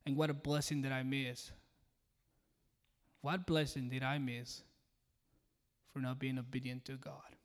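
A man in his thirties preaching a sermon to a congregation, lively and joking, and speaking straight to the people in front of him. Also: mid-range voice, measured pace, pauses often. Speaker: pastor. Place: church service in front of a congregation.

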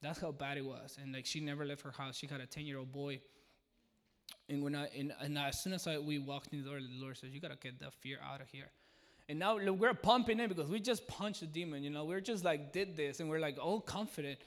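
A man telling an excited testimony, acting out what he and others said, and his voice sits fairly high for a man. His voice rings with the long reverb of a large hall. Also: a little fast. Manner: excited, retells with quoted dialogue. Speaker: mission team leader. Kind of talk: animated testimony.

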